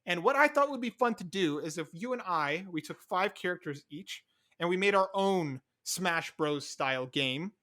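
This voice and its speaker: A young adult man co-hosting a casual podcast, talking fast and animated, often cutting in over his co-host. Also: sits high.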